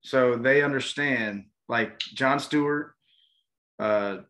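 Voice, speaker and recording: A man's voice: mid-range voice, slow, bright, forceful tone. An American man co-hosting a casual chat, rambling and hesitant, laughing easily. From United States. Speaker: podcast co-host.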